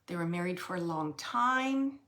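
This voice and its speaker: A woman working as a medium, relaying a spirit's messages in soft, halting phrases that often drop to a whisper. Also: on the low side, expressive. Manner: repeats phrases and pauses searching for words. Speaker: psychic medium. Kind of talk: channeling a spirit reading.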